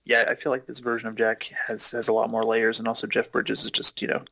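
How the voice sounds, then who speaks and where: A man's voice: mid-range voice, monotone, quick pace, creaky, bright, forceful tone, rough recording. A man co-hosting a casual movie commentary, rambling with lots of fillers and casual swearing. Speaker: commentary co-host.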